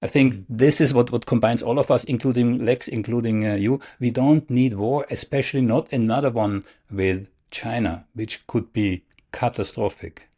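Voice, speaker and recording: A man's voice: mid-range voice, fairly even intonation, normal speed, hardly any pauses, dark tone. Hesitant male interviewer. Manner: hesitant, with many uh fillers. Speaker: host. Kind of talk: casual interview chat.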